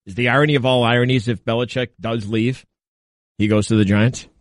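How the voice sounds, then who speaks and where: A man's voice: mid-range voice, steady tone, brisk, no room sound. A man co-hosting a sports talk radio show in a studio, easygoing and teasing. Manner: easygoing, teasing, laughs along. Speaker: radio co-host. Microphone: close studio mic.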